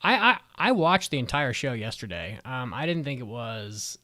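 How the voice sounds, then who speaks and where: A man's voice: medium pitch, sing-song, normal speed, pushed and bright. A man co-hosting a podcast, chatting casually with blunt, profane opinions and lots of filler words. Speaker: podcast co-host. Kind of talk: casual chat.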